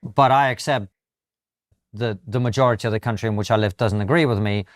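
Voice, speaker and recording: A man calmly arguing his point in a debate, in a clip played on a stream. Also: on the low side, brisk, no room sound, clean studio sound. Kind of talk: debate discussion.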